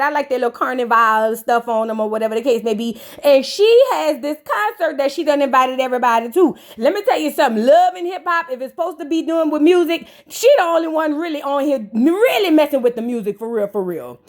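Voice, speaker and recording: A woman's voice: sits high, expressive, a little fast, hardly any pauses. A woman hosting a casual reality TV reaction video, sassy and gossipy, roasting the cast and calling the listener "girl". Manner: blunt roasting asides.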